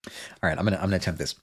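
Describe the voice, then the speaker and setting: A man's voice: low-pitched, fairly bright tone, breathy edge. A man streaming casually who chats in a rambling way, restarting and interrupting himself often. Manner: rambling, self-interrupting, many restarts and fillers. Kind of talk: casual livestream chat.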